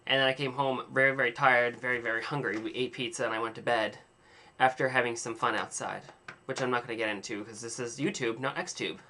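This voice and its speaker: A man's voice: medium pitch, fairly even intonation, a little fast, bright, forceful tone, slight background noise. A young man rambling in a casual video diary, telling an exaggerated, dramatic story with playful self-mockery. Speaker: vlogger.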